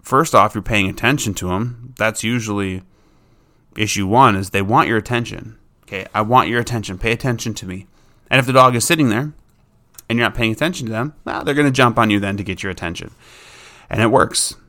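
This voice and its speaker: A man's voice: lowish voice, a little fast, sharp tone. A man talking casually as a dog trainer, explaining dog behavior in an informal, plain-spoken way. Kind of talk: casual instructional talk.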